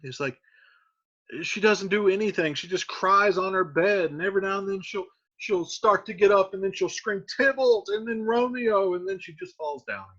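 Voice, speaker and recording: A man's voice: sits high, moderate pace, bright, forceful tone. A man teaching a play, casually paraphrasing scenes with "he's like.". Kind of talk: explaining a play to students. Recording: dull lo-fi recording.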